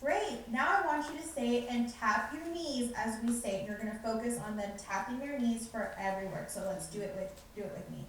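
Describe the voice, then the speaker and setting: A woman's voice: on the high side, brisk, few pauses. Woman presenting in an echoey library. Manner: modeling lines in a bright teacher voice. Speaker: curriculum presenter. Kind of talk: teacher training presentation. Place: school library. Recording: echoey room, distant mic, faint noise.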